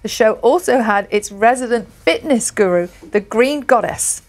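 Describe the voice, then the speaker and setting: A woman co-hosting a morning show, chiming in with quick, teasing asides. Her voice sits fairly high. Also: expressive, a little mellow. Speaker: breakfast TV presenter. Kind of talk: live TV presenting.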